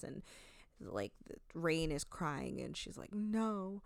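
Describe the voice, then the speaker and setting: Casting note: low-pitched, smooth-voiced woman, podcast co-host, chatty recap with quick asides and laughs. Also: lively intonation, no room sound, studio quality. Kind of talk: casual chat.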